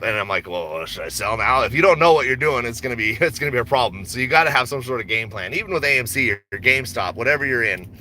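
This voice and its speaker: Laid-back man with a bright, forceful voice. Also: mid-range voice, a little hiss or hum. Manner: rambling, laid-back, slangy, laughs often. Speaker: stock market livestream host. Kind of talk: casual livestream chat.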